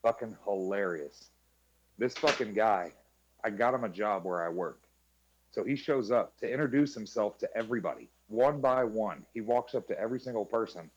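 Lowish, husky, and expressive, this man talks at normal speed while co-hosting a podcast, with the highs cut off in the audio. In casual chat he tells stories, mimics people in a raised voice, curses freely, and laughs partway through.

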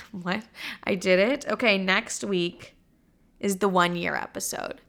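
A woman's voice: medium pitch, steady tone, slow pace, vocal fry, a bit bright. A young woman in her twenties hosting her own podcast, signing off in a casual, chatty way full of swearing and rambling asides. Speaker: podcast host. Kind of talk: casual solo podcast outro.

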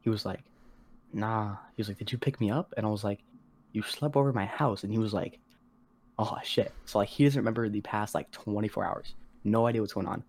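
Teenage boy, podcast co-host, lowish voice, rambling slangy storytelling, lots of filler and swearing. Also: fairly even intonation, a little fast, a little mellow. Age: teens. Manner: acts out quoted voices of others. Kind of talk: casual storytelling.

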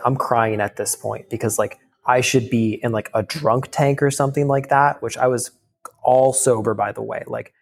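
A man with a mid-pitched voice tells a long personal story in a loose, rambling way. He leans on "like" constantly and swears casually. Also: gravelly. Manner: rambling, heavy use of "like".

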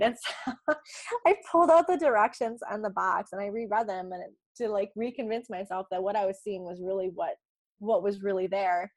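A woman's voice: medium pitch, brisk. A woman recounts a personal story as an interview guest. She talks casually and animatedly, acting out her own past conversations and often breaking into a light laugh. Her voice sits in a middle register. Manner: frequent light laughs and restarts.

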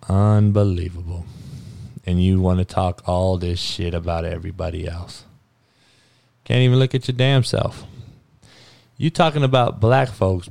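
A man's voice: lowish voice, gravelly, a little mellow, no room sound. A man hosting his own podcast, ranting heatedly and profanely in a solo commentary. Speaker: podcast host.

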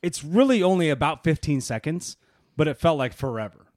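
A man co-hosting a casual podcast over beers, animated and laughing often, swearing freely. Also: a little high, brisk, dry recording, clean studio sound. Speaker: podcast co-host.

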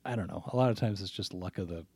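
A man's voice: deep voice, fast, darkish tone, breathy edge, no room sound. A man co-hosting a podcast in casual chat, swearing freely and laughing easily. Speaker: podcast co-host.

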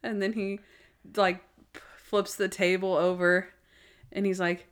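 A woman in casual chat, excitedly retelling a favorite TV episode and acting out its lines with frequent laughter. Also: mid-range voice, takes it slowly, clean tone. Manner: animated, laughing storyteller acting out quotes.

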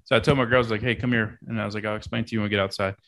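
Casual host, male, fast and low, salty storyteller. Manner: animated, profane, laughing.

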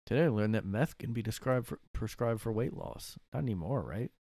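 A man's voice: lowish voice, lively intonation, fairly quick, dark tone, dry recording, clean studio sound. Rambling, joking podcast guy. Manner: rambling, joking, laughs at own bits. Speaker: podcast host. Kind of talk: casual solo monologue. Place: his room.

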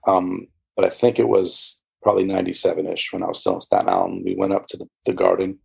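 Man, dark mellow voice, rough gravelly edge, rambling candid interview storytelling. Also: low voice, animated, fast. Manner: rambling with many fillers and restarts. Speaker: interview guest, former church member.

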